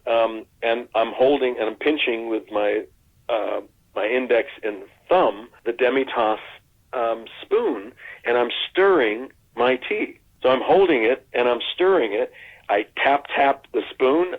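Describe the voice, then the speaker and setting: Over a tinny, phone-like line, an American man with a mid-range voice tells stories as an actor guest in a casual interview. His anecdotes are animated, full of restarts and acted-out quotes.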